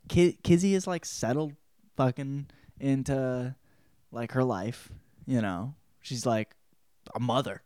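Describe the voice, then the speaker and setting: Male podcast host, casual profane book-report rambler, middle-pitched voice, dry close sound. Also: a little slow, smooth, no echo. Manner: profane, rambling retelling with sudden loud quoted outbursts.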